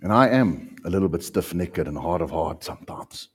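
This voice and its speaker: A South African man preaching a sermon with passion, swinging from loud outbursts to hushed lines. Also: sits low, expressive, normal speed, slightly rough. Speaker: pastor.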